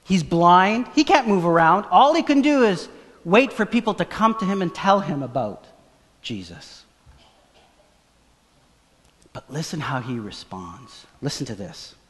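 A man preaches with a fairly high voice, dropping to hushed tones and then climbing to excited shouts as he acts out the story. His sermon rings with the long reverb of a church hall. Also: unhurried, long pauses. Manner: dramatic, swings from hushed to shouting. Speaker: pastor.

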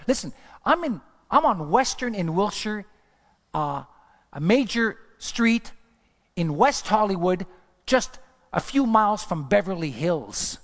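A man preaching a sermon, telling a personal story in a lively way and jumping his voice up when he acts out what he said. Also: high-pitched. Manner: animated storytelling, voice jumps up when acting out his own words. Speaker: pastor. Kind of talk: sermon testimony. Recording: long hall reverb.

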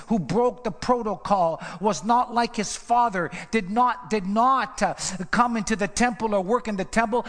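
A man preaching a sermon with passion, swinging from hushed asides to rising emphatic runs. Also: sits high. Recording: reverberant hall.

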